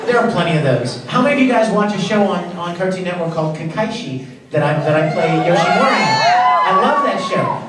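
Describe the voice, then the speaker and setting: A man with a high, lively voice tells jokey stories at a convention panel. His voice is caught from far off in a big echoing hall, and a loud crowd and constant noise sit behind him. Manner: animated, jokey storyteller acting out quotes. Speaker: voice actor panel guest.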